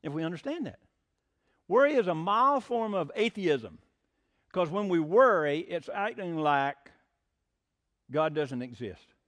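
Older man, pastor, folksy sermon, slightly high voice, emphatic. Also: expressive, measured pace, long pauses, fairly bright tone. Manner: homespun, jokey asides, rising to emphatic preaching.

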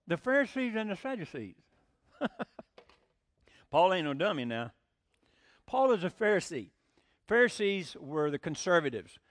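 A man's voice: high voice, dry recording, clean studio sound. A man teaching the Bible in a folksy, conversational sermon, asking rhetorical questions and acting out quotes. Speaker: preacher.

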